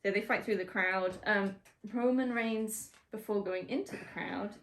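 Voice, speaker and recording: A woman's voice: mid-range voice, normal speed, slight background noise. A woman co-hosting a casual chat about wrestling, laughing often as she talks. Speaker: podcast co-host.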